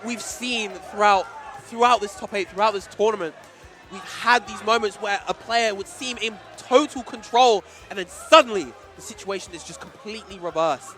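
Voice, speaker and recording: A man commentating live on a fighting-game match, excitable and bursting into shouts at big plays. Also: high-pitched, normal speed. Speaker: esports commentator. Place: tournament venue with crowd and music. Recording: loud crowd and event music behind.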